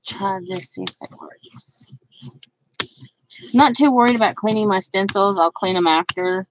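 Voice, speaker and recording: A woman's voice: medium pitch, measured pace, background noise. A woman hosting a casual live crafting stream, chatting in a rambling way, greeting viewers by name and laughing often. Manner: laughs often, trails off with fillers. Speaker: craft channel host.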